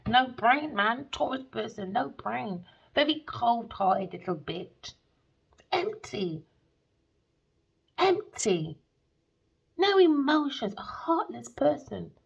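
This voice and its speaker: A woman's voice: fairly high pitch, vocal fry, noisy background. A woman doing a tarot reading as a scornful, sarcastic rant, swearing and calling people darling. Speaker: tarot reader.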